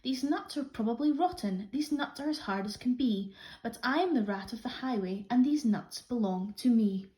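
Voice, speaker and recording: A woman voicing a greedy, boastful male rat highwayman in a children's story, chanting his demands. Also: animated, moderate pace, warm tone, lightly acted. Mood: greedy boasting. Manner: blustering, demanding sing-song chant.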